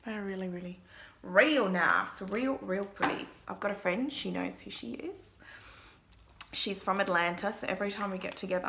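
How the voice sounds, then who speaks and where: A woman's voice: medium pitch, creaky, sharp tone, a little hiss or hum. A young woman, a makeup artist, chatting to viewers through a makeup tutorial vlog in a self-mocking way.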